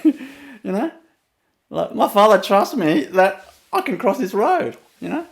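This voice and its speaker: A man from Vietnam with a Vietnamese accent, a spiritual teacher telling a personal story, laughing often between phrases and pausing on fillers. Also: very high-pitched, very animated, gravelly.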